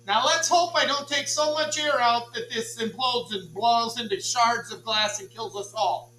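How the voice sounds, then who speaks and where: A male chemistry teacher running a classroom demonstration, joking with students, repeating "all right" and calling the class ladies and gentlemen. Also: very high voice, normal speed, a little hiss or hum. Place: school classroom. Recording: echoey classroom from far off.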